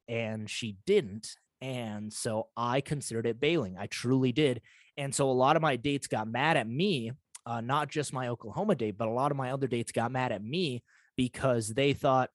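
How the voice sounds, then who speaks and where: A man's voice: mid-range voice, no echo. A young man hosting a solo podcast, telling a story in a rambling, defensive way full of "like" and "uh". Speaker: podcast host. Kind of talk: casual solo podcast talk.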